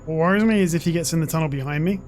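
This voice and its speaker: Male streamer, 40s, slightly high voice; loose, rambling, profane gaming chatter. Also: very fast, a little mellow, a little hiss or hum. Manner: rambling and profane, swears freely. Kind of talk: casual chat while gaming.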